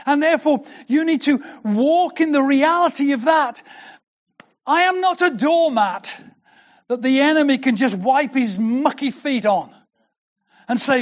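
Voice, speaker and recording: A man's voice: extremely high pitch, a little slow, lo-fi sound. An older man preaching a sermon as pastor, earnest and building to emphatic declarations.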